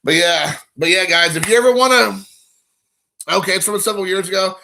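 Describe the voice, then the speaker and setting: A man hosting a card collecting live stream, chatting casually and excitably with viewers, rambling and addressing them by name. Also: sits high, fairly quick, creaky, slight background noise. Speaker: card collecting channel host.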